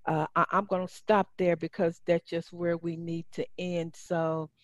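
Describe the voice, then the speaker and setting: A woman hosting an inspirational podcast, talking in a lively, faith-filled, encouraging way. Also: lowish voice, unhurried, no echo. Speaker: podcast host. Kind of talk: casual inspirational chat. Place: Atlanta.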